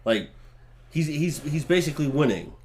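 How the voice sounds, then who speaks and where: A man's voice: on the high side, big pitch swings, normal speed, a little mellow. A man co-hosting a casual wrestling review, talking in a laid-back, hesitant way full of fillers. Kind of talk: casual chat.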